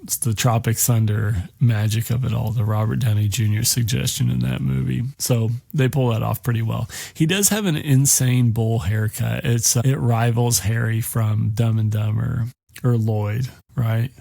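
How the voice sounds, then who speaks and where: A man's voice: medium pitch, fairly even intonation, normal speed, creaky, dark tone, dry recording, studio quality. A man hosting a casual movie recap podcast, rambling and joking with plenty of swearing. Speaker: podcast host.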